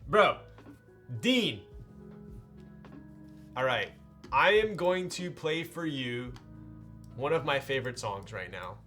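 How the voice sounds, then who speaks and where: A man's voice: mid-range voice, animated, measured pace, pushed and bright, faint music behind. A man chatting casually with his live-stream audience while he builds a keyboard, greeting viewers in a laid-back way.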